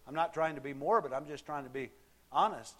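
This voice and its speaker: A man delivers a sermon from the pulpit with a slightly raised pitch. He talks to his listeners in an easy, conversational way and keeps asking them rhetorical questions. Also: brisk, fairly bright tone. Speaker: pastor.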